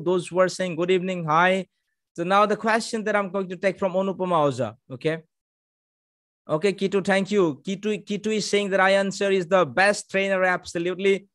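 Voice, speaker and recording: A man's voice: high voice, fairly bright tone. Chatty male host. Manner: chatty, upbeat, reads out viewer names. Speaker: moderator. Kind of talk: hosting a live online session.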